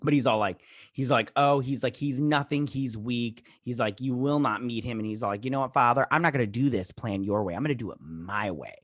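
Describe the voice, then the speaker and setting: A man hosts a show and rambles through a TV episode recap at a middle pitch. He retells scenes in loose, filler-heavy speech and briefly acts out the characters' lines. The sound is dry, with no room echo. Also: fairly quick, few pauses, a bit bright. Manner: rambling, filler-heavy retelling full of "he's all like" quotes. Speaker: show host. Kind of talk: casual TV episode recap and review.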